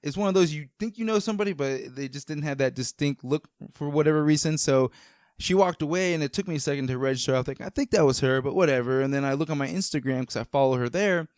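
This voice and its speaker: A podcast host with a medium-pitched, slightly mellow voice chats casually in a clean studio recording with no room sound. He rambles enthusiastically, full of fillers and restarts.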